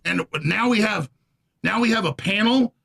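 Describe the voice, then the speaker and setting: A man's voice: high voice, normal speed, vocal fry, pushed and bright. A man speaking with heated outrage in a political talk show discussion.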